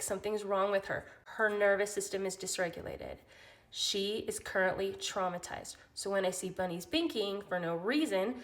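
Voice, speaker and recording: Woman, chatty storyteller, casual explainer, rabbit keeper talking to viewers. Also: mid-range voice. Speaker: rabbit care educator.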